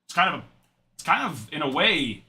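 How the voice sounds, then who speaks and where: Lively chatty man hosting a card break. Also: fairly high pitch, fairly quick. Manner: chatty, rambling asides while reading out cards. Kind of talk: live card-break stream chat.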